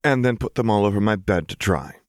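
A man voicing a stern but fond young mother who speaks in firm, crisp commands. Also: lowish voice, expressive, a little fast, dry recording, studio quality, close to an everyday voice. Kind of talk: audiobook character voice.

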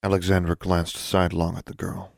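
A man narrating a fantasy audiobook in a steady, measured storytelling manner. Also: low voice, gravelly, no echo, studio quality. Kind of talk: scripted narration.

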